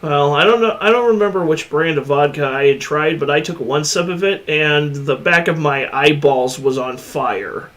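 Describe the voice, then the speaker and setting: A man in a casual reaction chat, cracking deadpan jokes and laughing often. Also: fairly high pitch, moderate pace, hardly any pauses.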